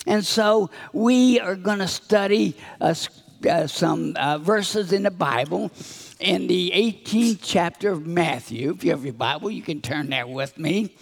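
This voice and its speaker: A man's voice: high voice, measured pace, vocal fry. A man giving a children's sermon in a church, telling a story with acted-out voices. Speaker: children's minister. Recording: reverberant hall.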